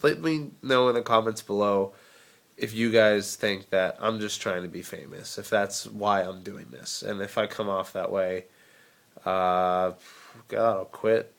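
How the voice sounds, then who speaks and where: A young man with a lowish voice rambles into the camera in a casual vlog. He drifts from tangent to tangent and keeps poking fun at himself. A touch drowsy from cold medicine, he lets his sentences wander. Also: a bit bright. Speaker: vlogger.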